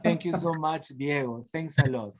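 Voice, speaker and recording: Leading a teacher-training webinar on a video call, this Peruvian man keeps things lively, laughing often and prompting participants encouragingly. His voice is a little high and his pace normal.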